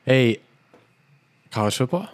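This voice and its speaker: A male podcast co-host in easy, casual talk. His voice sits at an average pitch. He keeps the chat going with teasing questions. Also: expressive. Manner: teasing, asks quick questions.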